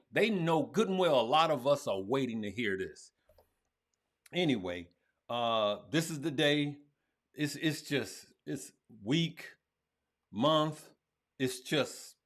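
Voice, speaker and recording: A man hosting a live stream on crypto, talking straight to his viewers and repeating his points. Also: mid-range voice. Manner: animated, talks to viewers as "good people", often repeats himself. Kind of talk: casual live-stream commentary.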